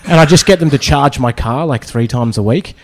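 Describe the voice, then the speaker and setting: A man, a comedian, telling stories in casual podcast chat, animated and full of swearing. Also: mid-range voice, brisk. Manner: animated storyteller, swears a lot.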